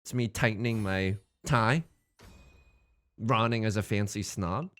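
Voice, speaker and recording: A young man giving casual, playful commentary while he plays an online game, with jokey asides and sudden excited jumps. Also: fairly low pitch, a little slow, a little hiss or hum. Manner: drops to a stage whisper at times. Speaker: let's play streamer.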